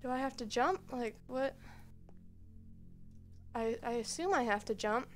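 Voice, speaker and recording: A young woman streamer giving quiet, nervous, rambling let's-play commentary at home into a headset mic. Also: fairly high pitch, expressive, measured pace, faint music behind.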